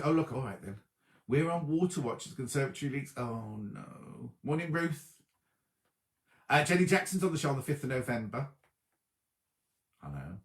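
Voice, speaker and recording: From home, a man with a slightly high voice hosts a sewing livestream, chatting casually in a lively way and reacting to viewer comments he reads aloud. It's captured through a laptop or tablet on a video stream, in an echoey room.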